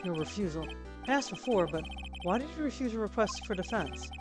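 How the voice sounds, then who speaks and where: A young defense attorney, read by a woman in her own voice makes dry, doubtful remarks. Game music plays clearly in the background. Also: medium pitch, animated, a little fast, close to an everyday voice. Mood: wry. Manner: wry, dry inner remarks.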